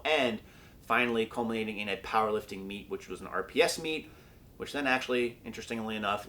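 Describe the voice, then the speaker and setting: This young man, a powerlifting vlogger, has a lowish, somewhat bright voice, with a little background noise behind him. He talks casually through his training vlog, relaxed and joking, swearing now and then.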